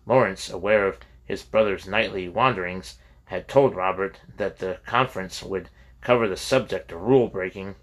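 Guy reading a novel chapter, steady and measured, kinda low voice. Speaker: audiobook narrator. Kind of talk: scripted narration.

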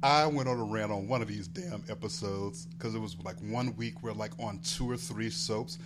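A man's voice: normal speed, background noise. A man co-hosting a casual podcast, ranting and laughing, with lots of swearing. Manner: animated, swearing, laughing, jumps high when outraged. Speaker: podcast co-host reviewing soaps. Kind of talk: casual profane chat.

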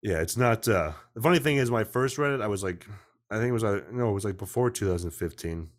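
A man's voice: fairly low pitch, animated, quick pace. A man hosting a podcast over a video call, rambling casually, swearing often and cutting himself off mid-sentence. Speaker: podcast host.

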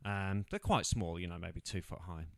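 A man in casual podcast chat, retelling film scenes with quick put-on voices. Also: low-pitched, gravelly, no room sound, studio quality. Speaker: podcast co-host.

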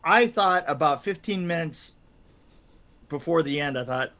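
A middle-aged man co-hosting a casual movie review chat, animated and laughing often as he acts out quotes. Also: on the high side, measured pace. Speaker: podcast co-host.

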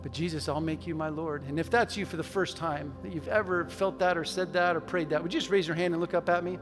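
A man preaches a sermon in a church, his voice sitting fairly high. He speaks earnestly, pressing his listeners with building emphasis and then easing into prayer. The sound carries the long reverb of a large sanctuary. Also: fairly even intonation, fast, over music. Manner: earnest, storytelling, rising to emphatic exhortation. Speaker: pastor. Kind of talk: sermon with altar call and prayer.

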